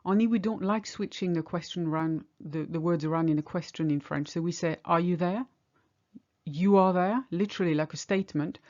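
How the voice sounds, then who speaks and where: A woman's voice: fairly low pitch, brisk, few pauses, a little mellow, highs cut off. A woman teaching a language lesson, patiently explaining each example step by step. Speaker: French teacher.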